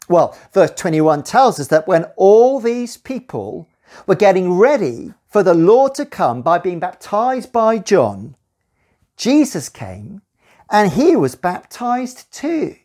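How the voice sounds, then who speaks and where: A woman's voice: mid-range voice, big pitch swings, slow, mellow. A woman giving a children's Bible talk in church, speaking expressively to the children who are listening.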